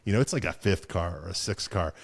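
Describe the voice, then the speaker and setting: A man's voice: low-pitched, expressive, fast, gravelly, husky. A man co-hosting a car show, chatting casually with lots of fillers, restarts and chuckles. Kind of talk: casual chat.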